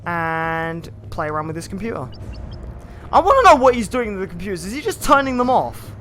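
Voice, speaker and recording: A young man streaming a video game, chatting casually and excitably with lots of filler words as he plays. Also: sits high, a little fast. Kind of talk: live gameplay commentary. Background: faint game music.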